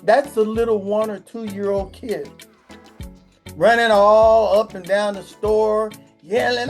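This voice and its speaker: A woman's voice: medium pitch, fairly even intonation, takes it slowly, soft background music. A woman vlogger delivering a profane comedic rant, swearing constantly and acting out the people she complains about. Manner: crude, swearing, acts out quoted voices.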